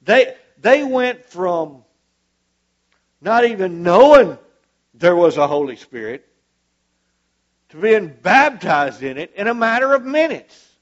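A man's voice: high-pitched, sing-song, takes it slowly, pauses often, dull audio. A man preaching a sermon to a church congregation, fervent and emphatic, repeating his points for weight.

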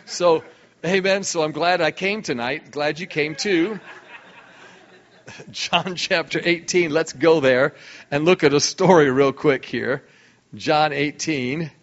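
Brief: middle-aged male preacher, raised pitch, animated storytelling, lo-fi church sound. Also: a little slow. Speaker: guest preacher. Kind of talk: sermon storytelling. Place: church hall.

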